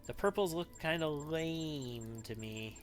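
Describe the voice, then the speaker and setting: A man's voice: fairly high pitch, slow pace. Male let's-play host, casual commentary into a desk mic, thinks aloud and wavers, faint background music. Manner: thinks aloud, musing and wavering over choices. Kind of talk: gameplay commentary.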